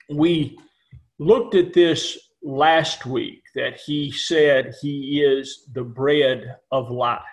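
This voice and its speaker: Slow, deliberate male preacher. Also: mid-range voice. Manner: reads scripture in old-fashioned wording. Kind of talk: sermon.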